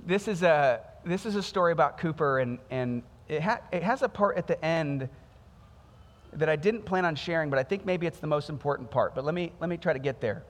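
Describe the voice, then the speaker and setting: A man in his thirties, a pastor preaching a sermon in a conversational, storytelling way with animated quoted voices. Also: a little high, normal speed, a little hiss or hum. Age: 30s. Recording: music underneath, long hall reverb.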